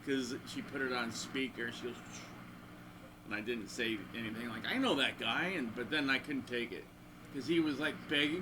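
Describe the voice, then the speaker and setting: This is a channel host and guitarist whose mid-range voice moves at a normal pace, with noise behind him. In a break from playing guitar, he spins a rambling, crude tale and performs the voices of the people in it.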